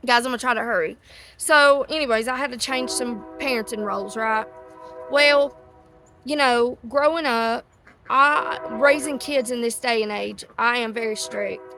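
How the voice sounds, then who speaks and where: A middle-aged woman hosts a live outdoor chat near ducks, whose quacking is audible. Her fairly high voice is bright and forceful at a moderate pace, and her talk is rambling and easily sidetracked.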